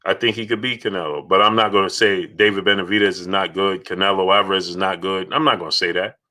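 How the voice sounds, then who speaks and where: A man's voice: low-pitched, fairly even intonation, fast talker, sharp tone. A man hosting a casual boxing livestream, reading out super chats and making his points emphatically, often restarting his phrases.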